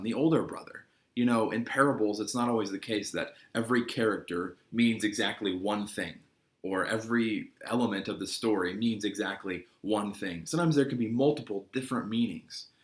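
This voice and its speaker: A man giving a conversational sermon to young people, earnest and asking his listeners questions. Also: lowish voice. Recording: roomy echoing room.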